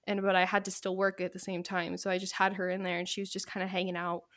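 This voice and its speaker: Young woman talking through tears, gravelly. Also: on the low side, monotone, fast, a bit bright. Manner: tearful, apologetic, rambling with many fillers. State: tearful. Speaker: podcast host. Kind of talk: casual chat.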